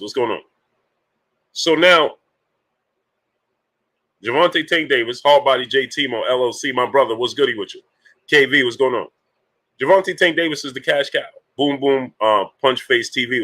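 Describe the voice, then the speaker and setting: A man's voice: mid-range voice, moderate pace, pauses often, bright, forceful tone, poor audio. A man hosting a casual boxing talk livestream, greeting viewers by name between his points, with many fillers.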